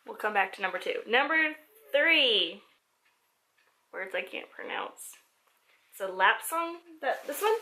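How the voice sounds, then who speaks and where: Bubbly high-voiced woman unboxing. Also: takes it slowly. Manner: excitable, giggly, talks to the package. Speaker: vlogger. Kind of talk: casual unboxing chat. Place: indoors at a table.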